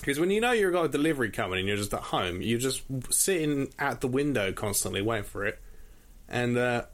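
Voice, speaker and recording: Male podcaster talking casually into a home mic, mid-pitched, wandering and self-mocking. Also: very animated, brisk. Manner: rambling, self-deprecating, jokey. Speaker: podcast host. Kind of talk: casual solo chat. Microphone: audio interface.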